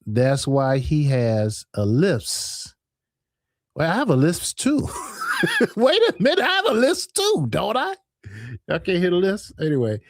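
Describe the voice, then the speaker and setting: Lively, laughing male livestream host. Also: mid-range voice, dry recording, clean studio sound. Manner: animated, laughs often, talks back to chat. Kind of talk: casual livestream chat reading viewer comments. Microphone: headset or desk mic with earphones.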